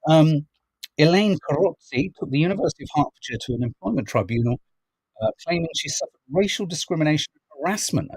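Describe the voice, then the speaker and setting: A man's voice: a little high, lively intonation, quick pace, darkish tone, slightly rough, dry recording, low-quality recording. A man hosting a podcast, chatting wryly about news stories and reading out viewer comments. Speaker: podcast host reading the papers. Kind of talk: casual chat.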